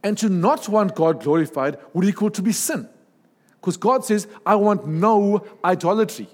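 A man preaching a sermon in a lively, humorous way, with asides and jokes. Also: high voice, moderate pace, big-room sound.

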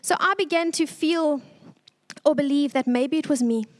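A young woman giving an earnest, tearful church testimony, pausing often. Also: sits high.

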